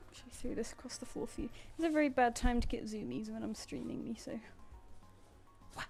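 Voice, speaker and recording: A woman's voice: fairly high pitch, brisk, vocal fry, a little mellow, faint music behind. A young British woman chatting casually while she draws live commissions, cooing playfully at her pet between remarks. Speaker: streamer drawing live commissions. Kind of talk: casual chat while drawing.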